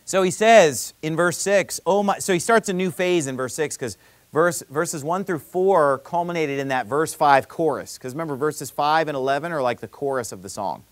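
A man preaching a sermon in an animated, conversational way, full of rhetorical questions and quoted scripture. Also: a little high, normal speed, no room sound. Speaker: pastor.

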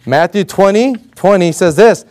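High-voiced energetic male preacher. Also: moderate pace. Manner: rhetorical questions and call-and-response; energetic, emphatic delivery. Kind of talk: sermon.

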